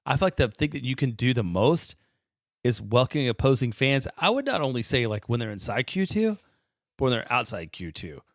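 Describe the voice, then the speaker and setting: A man co-hosting a casual soccer podcast, relaxed and quick to laugh as he reads listener questions. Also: medium pitch, dry recording, studio quality. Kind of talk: casual chat.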